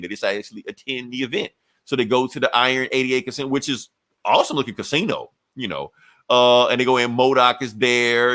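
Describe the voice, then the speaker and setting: A man co-hosting a podcast, retelling a comic book story and jumping into quick voices for each character. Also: medium pitch, sharp tone. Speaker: podcast co-host. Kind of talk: animated comic book recap.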